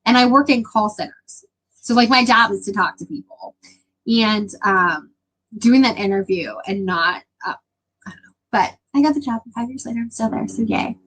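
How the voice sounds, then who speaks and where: A woman's voice: fairly high pitch, moderate pace, fairly bright tone, poor audio. A young adult woman chatting casually with her live stream viewers, rambling with lots of filler words.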